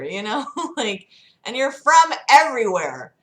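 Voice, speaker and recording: A woman's voice: fairly high pitch, sing-song, takes it slowly, a bit bright, echoey room. A young woman hosting a casual livestream from her city apartment, rambling and giggling, with lots of "like". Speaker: livestream host.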